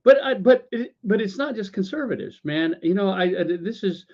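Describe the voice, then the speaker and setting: Stammering, sarcastic high-voiced man. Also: expressive, moderate pace, a little mellow. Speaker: podcast co-host. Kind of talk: casual political rant. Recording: dull lo-fi audio.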